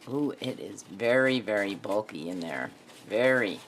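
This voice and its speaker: Woman with a Texan accent, very deep voice, crafting vlog, mutters while working, faint room hiss. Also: big pitch swings, measured pace. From North Carolina. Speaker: craft vlogger. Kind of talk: casual crafting chat.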